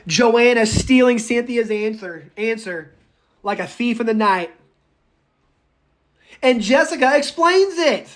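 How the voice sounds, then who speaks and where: Animated, joking male speech instructor. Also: very high-pitched. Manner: animated, joking, stresses single words slowly. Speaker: college public speaking instructor. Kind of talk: online lecture.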